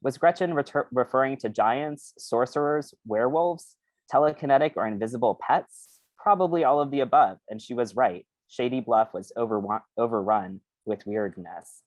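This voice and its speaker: An author reading their novel aloud at a bookstore event, then talking about writing it in a halting way with many fillers. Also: male voice, medium pitch, no echo.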